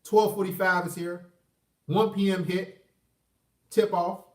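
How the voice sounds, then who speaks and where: A man casually telling a personal story, animated and profane, swinging between loud outbursts and low mutters. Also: slow pace. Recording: roomy echo, mic at a distance.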